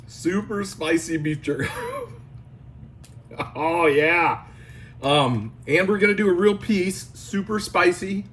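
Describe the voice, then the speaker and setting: This man's voice is high-pitched and bright, with fairly even intonation, a slow pace, and long pauses, against slight background noise. At home on his card collecting channel, he gives jerky a casual review, chatty and enthusiastic, exclaiming between bites.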